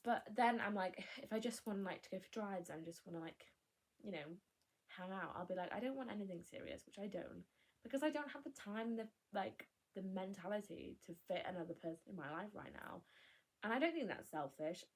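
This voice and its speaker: A young woman talks straight to camera in a candid, rambling way. She cuts herself off, circles back, and breaks into laughs mid-sentence. Her pitch sits mid-range for a woman. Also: expressive, a little fast. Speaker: vlogger. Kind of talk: casual chat.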